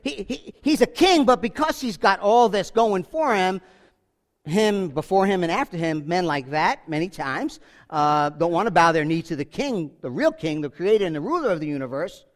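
Man, preacher, high voice, animated sermon, plays out the characters. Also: moderate pace. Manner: animated, acts out voices of biblical figures. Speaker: pastor.

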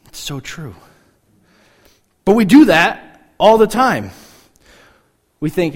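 A man's voice: fairly high pitch, lively intonation. Conversational male pastor preaching a sermon. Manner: conversational, acts out listeners' reactions in quick asides.

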